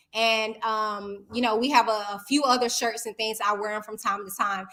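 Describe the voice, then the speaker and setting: A high, bright-voiced woman. She chats in a lively, loose way, full of fillers and "okay?" tags. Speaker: talk show host. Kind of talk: live-stream chat.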